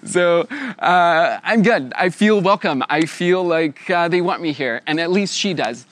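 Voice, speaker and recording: A young man telling a personal story in a lively way, laughing often and acting out the voices of others. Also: fairly high pitch, unhurried.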